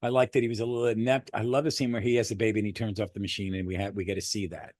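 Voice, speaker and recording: A man co-hosting a podcast, chatting casually about a superhero movie, rambling and swearing freely with animated bursts. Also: fairly low pitch, rapid-fire, no echo. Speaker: podcast co-host. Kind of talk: casual movie review chat.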